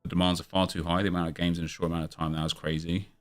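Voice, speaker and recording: A man's voice: low-pitched, level tone, faint music behind. A man hosting a gaming livestream, chatting casually with viewers and switching into an upbeat video-host delivery. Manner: chatty, quick back-and-forth with viewers, hype intro energy.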